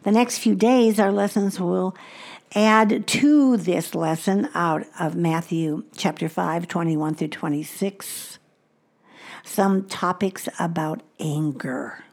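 A woman Bible teacher giving a broadcast lesson from a studio, expressive, moving between emphatic exclamations and soft, hushed asides. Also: on the low side, slow.

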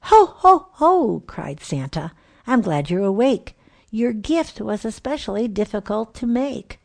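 A jolly, wise old Santa in a storybook rhyme, chuckling and knowing, rather than booming, as a woman reader plays him. The voice is gravelly and unhurried, drawn out slowly. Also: animated, dark tone. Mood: jovial. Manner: jovial, knowing.

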